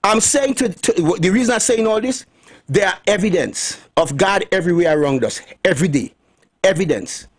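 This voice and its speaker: A middle-aged man with a lilt holds forth on the radio, his voice high and husky. He swings widely up and down as he preaches, hammering points home by saying them twice and dropping folksy asides. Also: animated, normal speed. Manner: emphatic, repeats lines for stress, folksy asides. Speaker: radio talk host. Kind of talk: preachy radio monologue on health.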